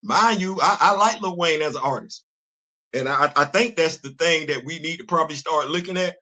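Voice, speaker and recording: Older man host, high bright voice, stammery restarts. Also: moderate pace. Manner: animated, repeats words when he starts a sentence. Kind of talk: livestream commentary.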